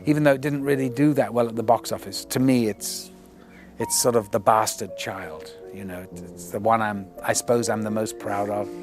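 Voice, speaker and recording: A man's voice: fairly low pitch, moderate pace, soft background music. An older man, telling an anecdote in an interview and acting out the voices he quotes. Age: 60s. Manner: animated raconteur who acts out quoted voices.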